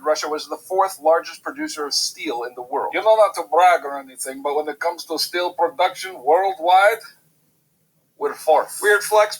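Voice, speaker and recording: Brisk, wry male history host. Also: on the high side, a bit bright, husky, low-quality recording. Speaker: history teacher, channel host. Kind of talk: educational video narration.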